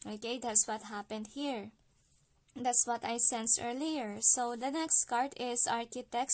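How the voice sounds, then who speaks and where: A woman from the Philippines giving a casual spoken card reading, chatty, with many fillers, often ending her points with "okay?". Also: on the high side. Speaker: card reader.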